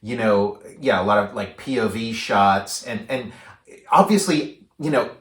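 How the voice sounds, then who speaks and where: A man's voice: fairly low pitch, measured pace. A man co-hosting a podcast, chatting casually about a film with lots of fillers and restarts. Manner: rambling, many fillers, animated acted-out quotes. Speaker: podcast co-host. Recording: roomy echo.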